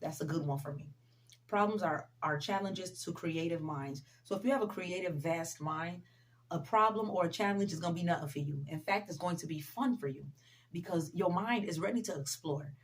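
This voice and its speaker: A woman with a lowish voice, speaking at normal speed, offers a casual motivational message as a vlogger. She talks directly to viewers in a conversational way, often saying "you know" and repeating central sayings.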